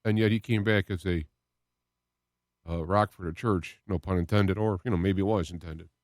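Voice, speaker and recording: A man's voice: deep voice, steady tone, moderate pace, no room sound. Male solo radio host, heartfelt and rambling, with emotional swells; dry close sound. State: close to tears at moments. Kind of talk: personal faith talk monologue.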